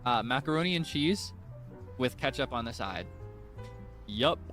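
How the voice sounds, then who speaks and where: A young man chats casually on stream, rambling and correcting himself as he goes, with an easy chuckle now and then. His voice sits at an ordinary middle pitch. Faint music plays behind him. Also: expressive, a little slow, a bit bright.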